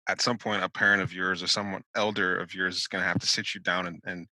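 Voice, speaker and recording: A man with a low voice that has a bright, forceful edge talks bluntly, working through his thoughts with restarts. He is recorded close on a dry studio mic with no room sound. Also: flat delivery, fast, no echo, rough recording. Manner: blunt, thinks aloud with many restarts. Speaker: podcast co-host. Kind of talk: casual discussion.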